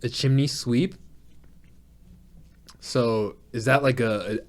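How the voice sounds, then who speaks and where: A man's voice: mid-range voice, steady tone, takes it slowly. A young man co-hosting a casual podcast, joking, swearing a lot and now and then putting on voices. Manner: joking, swears often, bursts into loud put-on voices. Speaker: podcast co-host. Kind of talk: casual chat.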